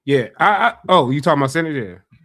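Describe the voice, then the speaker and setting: A man hosting a casual podcast, talking in an animated, profane way and repeating himself when worked up. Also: mid-range voice, fast, no echo, studio quality. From Los Angeles area. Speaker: podcast host.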